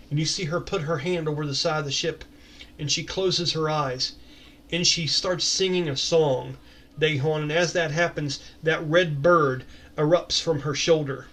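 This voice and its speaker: A man narrating as game master of a tabletop game, descriptive and relaxed, with casual swearing. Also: fairly high pitch.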